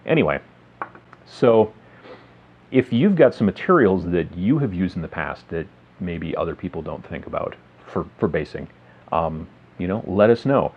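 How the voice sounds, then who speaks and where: Man, very low voice, casual hobby tutorial, friendly rambling, muffled recording. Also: lively intonation, normal speed, husky. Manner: rambling, friendly, filler-heavy explaining. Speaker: miniature hobby video host. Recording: slightly dull lo-fi sound.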